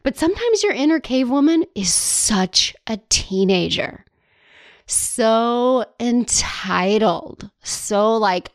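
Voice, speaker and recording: A woman hosting a life coaching podcast who talks in a playful, animated way, laughing often and acting out whiny voices. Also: a little high, slow, no echo, clean studio sound. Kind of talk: solo podcast monologue.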